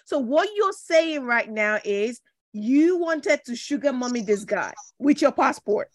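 A woman hosting a podcast interview, probing with questions, teasing her guest, and jumping in with quick reactions. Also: high voice, lively intonation, no echo. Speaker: podcast host. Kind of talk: conversational interview.

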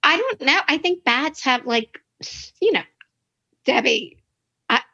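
Bright, high, giggly woman. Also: expressive, a little slow, creaky, slightly rough, dry recording, highs cut off. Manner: giggly, rambling, self-mocking. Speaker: podcast co-host. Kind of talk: casual chat.

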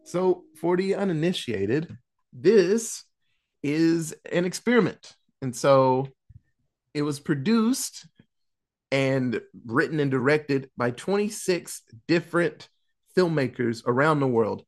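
A man's voice: on the high side, expressive, slow. A man hosting a horror movie podcast in a loose, casual way, swearing freely and laughing. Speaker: podcast host.

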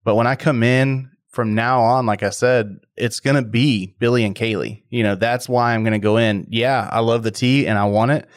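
A man's voice: mid-range voice, steady tone, normal speed, hardly any pauses, dry recording, clean studio sound. A man hosting a podcast interview, chatty and enthusiastic as he talks about marketing. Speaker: podcast host.

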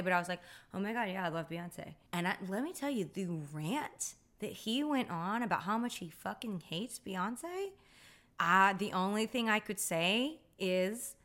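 A woman's voice: medium pitch, bright, forceful tone. A woman hosting a podcast, telling wry, profane stories in a blunt, casual monologue. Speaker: podcast host.

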